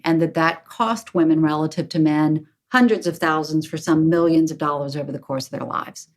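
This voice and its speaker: A woman's voice: low voice, normal speed, hardly any pauses. A middle-aged woman guest talking in an emphatic, storytelling way in an interview. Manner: emphatic, storytelling with acted quotes. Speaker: guest, company CEO. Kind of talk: interview conversation.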